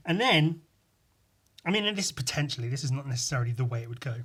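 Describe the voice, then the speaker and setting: A man's voice: a little high, lively intonation, quick pace, a bit bright. A young man hosting a solo podcast, rambling in a meandering way with lots of swearing. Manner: meandering, full of fillers and swearing. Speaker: podcast host.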